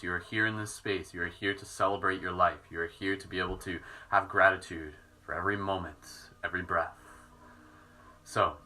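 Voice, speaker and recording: A man leading a live guided meditation in a relaxed, soft-spoken, self-mocking way. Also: low voice, poor audio. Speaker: meditation teacher.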